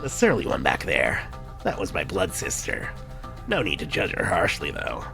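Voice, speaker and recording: A man doing a gravelly, growling harpy woman. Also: wildly swooping pitch, normal speed, over music, full character voice. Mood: conspiratorial. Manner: low, gravelly, growled military-style delivery. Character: calm, gruff female harpy schemer.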